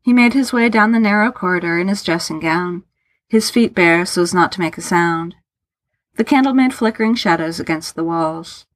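A woman reading a story aloud in a steady, measured narration. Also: lowish voice, dry recording. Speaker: audiobook narrator.

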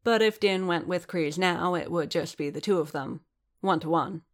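A woman narrates a story aloud in an even, steady way. Her voice is low and carries a gravelly texture throughout. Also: normal speed. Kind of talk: fan fiction reading aloud.

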